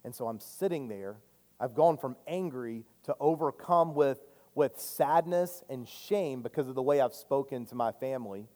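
Male pastor, 30s, mid-pitched, confessional sermon voice with big dynamic swings, long church reverb. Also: normal speed. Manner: earnest, confessional, swinging from loud to hushed. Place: church sanctuary.

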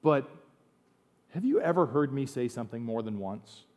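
A man's voice: medium pitch, animated, moderate pace, darkish tone. A middle-aged man from the United States, preaching a sermon as a pastor in a conversational way that swings into emphatic bursts.

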